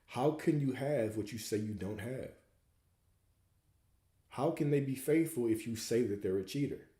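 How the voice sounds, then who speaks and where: A man's voice: mid-range voice, measured pace, mellow, echoey room. A man hosting a livestream Q&A, coaching viewers and hammering points home with repeated rhetorical questions. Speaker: host answering viewer questions.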